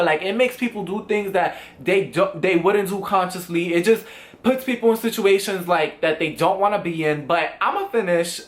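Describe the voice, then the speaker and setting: A young man vlogging, telling a personal story in casual chat and acting out the quoted lines with loud swings. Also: high-pitched.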